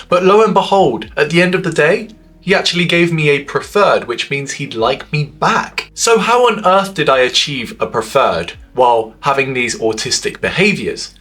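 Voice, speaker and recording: A man in his twenties who talks to the camera in an earnest way, giving social advice, with his pitch and loudness swinging widely. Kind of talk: talking to camera.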